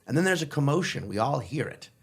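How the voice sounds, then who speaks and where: A man's voice: mid-range voice, quick pace, creaky. A man who is a comedian, a guest on a podcast, telling a story casually and animatedly, with loose, profane delivery. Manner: animated, acts out the people in his stories.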